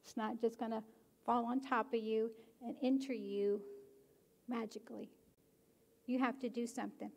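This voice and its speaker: A woman pastor preaching a sermon, animated and emphatic, often pushing her questions to the congregation. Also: a little high, normal speed, gravelly, long pauses. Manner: animated, rising to emphatic exhortation. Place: church sanctuary.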